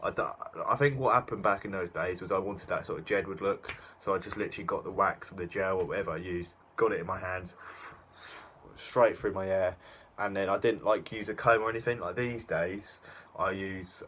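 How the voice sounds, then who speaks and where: Young guy, deep voice, rambly self-mocking chat over his old vids, bit of hiss. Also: fairly even intonation, a little fast, fairly bright tone. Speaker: YouTuber. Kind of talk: casual reaction commentary.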